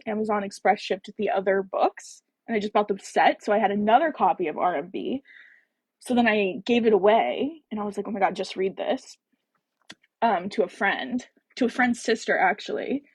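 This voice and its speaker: Chatty woman host, husky fry-edged voice, live-stream book reading, dry close mic. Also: medium pitch, normal speed, dry recording. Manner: chatty, self-deprecating asides. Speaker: podcast co-host. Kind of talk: casual chat and reading a novel aloud on a live stream.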